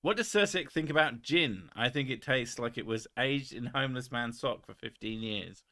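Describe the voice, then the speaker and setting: Bright-voiced man chatting casually. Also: mid-range voice, normal speed. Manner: rambling, swears freely, laughs at himself. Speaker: streamer host. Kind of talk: casual chat reading viewer messages.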